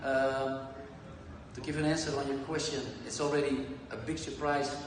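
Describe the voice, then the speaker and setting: A Dutch man, speaking English as a second language, telling lively dressing-room stories with plenty of swearing at a live Q and A. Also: medium pitch, moderate pace. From Netherlands. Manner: lively anecdotal, swears, acts out dialogue. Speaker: guest. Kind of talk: live Q and A storytelling. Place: large hall before an audience. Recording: echoey hall from far off, crowd noise.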